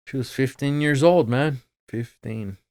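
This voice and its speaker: A middle-aged man talking casually as a podcast guest, halting and subdued, trailing off with many fillers. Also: medium pitch, darkish tone, no room sound. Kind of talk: casual conversation.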